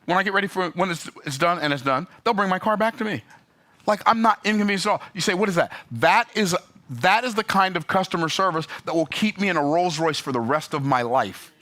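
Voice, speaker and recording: Man for a vlog rant: emphatic, sarcastic, bright forceful tone. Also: high-pitched, expressive, brisk. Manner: exasperated, emphatic, sarcastic asides. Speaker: business vlogger. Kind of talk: animated storytelling rant.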